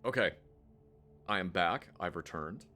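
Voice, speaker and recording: A man's voice: low-pitched, expressive, unhurried, bright, forceful tone, faint music behind. A man streaming live, rambling casually about a game he just finished, with lots of fillers and the odd curse.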